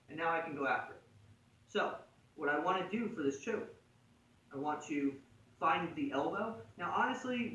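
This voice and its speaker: Bright, joking jiu-jitsu instructor in echoey gym. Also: male voice, fairly high pitch, slight background noise. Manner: joking, conversational, frequent "right?" check-ins. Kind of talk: casual technique instruction. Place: martial arts gym. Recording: echoey room, mic at a distance.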